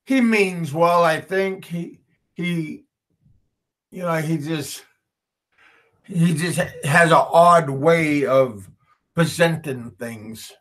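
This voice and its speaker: A man hosts a relaxed livestream, reading out comments from his chat and answering them as he goes. His voice sits a touch high for a man. He talks slowly and haltingly, repeating words and starting sentences over, with a chuckle now and then. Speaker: livestream host.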